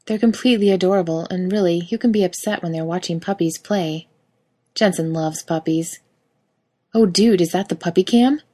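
Brief: female reader, slightly low pitch, wry lively storytelling. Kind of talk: reading fan fiction aloud.

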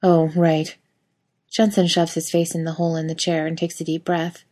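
A woman reading a fan fiction story aloud with wry, lively storytelling. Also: low voice, brisk. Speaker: reader.

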